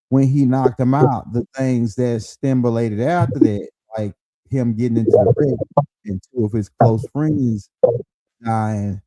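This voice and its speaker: A man's voice: medium pitch, warm tone, no echo, low-quality recording. A man hosting a casual live stream, talking in a loose, rambling way as he lays out his theories.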